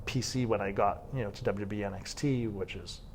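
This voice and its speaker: A man's voice: fairly low pitch, a little fast, slight background noise. A man as a guest in a sit-down interview, telling stories casually with lots of fillers and restarts. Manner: chatty, frequent "like" fillers and restarts. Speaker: wrestler guest.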